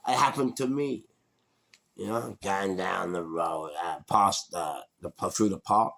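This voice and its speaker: Gravelly older London man. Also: low-pitched, measured pace, slight background noise. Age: 60s. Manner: animated, slangy, acts out voices. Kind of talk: storytelling monologue.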